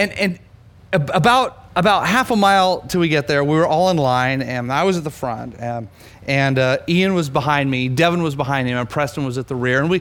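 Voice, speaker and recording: A middle-aged man, a pastor telling a story in a sermon, animated and emphatic, often restarting his words. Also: medium pitch.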